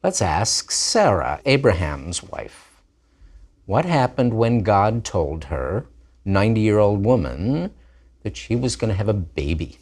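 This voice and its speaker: A man giving a scripted lesson, lively and deliberate as he sounds out words. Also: on the low side, husky. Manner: animated, plays with vowel sounds. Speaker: teacher.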